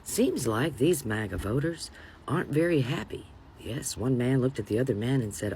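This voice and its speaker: Sarcastic commentator, lively pitch, light background noise. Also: moderate pace. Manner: sarcastic, taunting. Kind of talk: mocking commentary.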